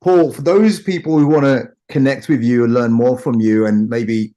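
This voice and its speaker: A man's voice: medium pitch, steady tone, normal speed, warm tone. A man hosting a business interview show, encouraging his guest, summing up his points and asking the next question. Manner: encouraging, laughs along, sums up points. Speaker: podcast host.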